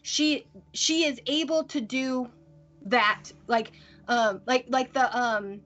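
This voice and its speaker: A woman narrating a tabletop game as game master, pausing often and using many fillers. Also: high-pitched, fairly bright tone, dull audio, faint music behind. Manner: hesitant, full of fillers.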